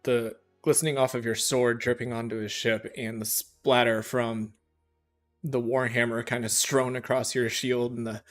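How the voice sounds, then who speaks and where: A man narrating as dungeon master, lively and quick to laugh. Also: medium pitch, faint music behind. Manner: laughing often, animated narration. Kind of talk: narrating a tabletop game.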